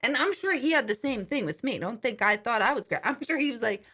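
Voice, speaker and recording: A woman's voice: a little high, animated, fast, few pauses, bright, forceful tone, husky. A woman hosting a casual live chat with viewers, breaking into laughing fits, tired, apologizing and swearing as she tells a story. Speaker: livestream host.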